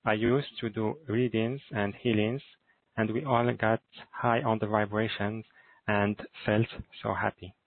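A man hosting a live call who reads out audience questions in a halting, polite way with many filler pauses. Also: lowish voice, steady tone, no echo. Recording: dry tinny phone-like call audio.

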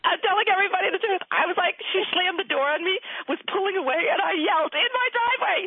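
A woman's voice: very high-pitched, quick pace, hardly any pauses, heavy background noise. A woman hosting a call-in radio show, telling a candid family story with lots of laughter and acted-out quotes. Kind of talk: casual call-in radio chat. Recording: tinny phone-line sound, dry.

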